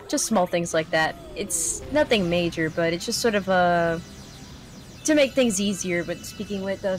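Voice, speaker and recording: A young woman co-hosting a gaming stream, chatting casually with many ums and likes. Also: lowish voice. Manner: filler-heavy, giggly, reads chat aloud. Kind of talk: casual chat while gaming.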